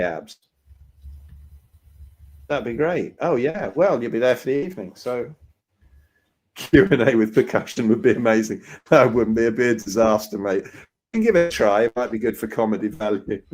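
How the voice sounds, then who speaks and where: A man's voice: medium pitch, darkish tone. A man co-hosting a live Q&A on a video call, joking and bantering with his co-host. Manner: jokey, bantering. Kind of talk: casual live Q&A chat.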